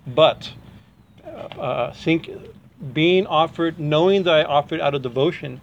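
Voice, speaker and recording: A man's voice: a little high, measured pace, lo-fi sound, slight background noise. A man teaching in a chatty devotional talk, often restarting his sentences and chuckling as he explains. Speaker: spiritual teacher.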